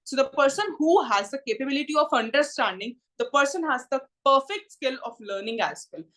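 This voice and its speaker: A woman's voice: sits high, lively intonation, fairly quick, fairly bright tone. A woman with an Indian English accent teaching an online spoken English class, slipping into Hindi to explain and calling students by name with "ji".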